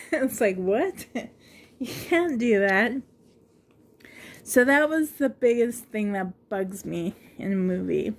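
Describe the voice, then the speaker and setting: Slow, rambling chatty woman. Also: medium pitch, expressive. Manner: rambling, chatty, laughs often. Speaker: vlogger. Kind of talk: casual chat to camera.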